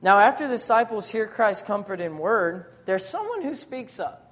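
Preacher delivering a sermon. Relaxed, slangy, animated storytelling, mid-range pitch. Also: moderate pace, big-room sound. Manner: casual, conversational preaching with modern slang; lively, dramatic retelling of scripture scenes.

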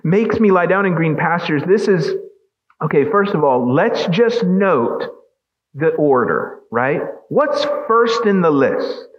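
A man's voice: on the high side, lively intonation, takes it slowly, highs cut off. A man preaching a sermon as pastor, emphatic and asking the congregation questions.

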